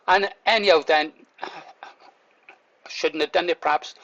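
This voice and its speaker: A man's voice: high voice, unhurried, long pauses, fairly bright tone, highs cut off. An older man, a vlogger, telling a story in a chatty way, laughing through it and swearing now and then. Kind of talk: casual storytelling to camera.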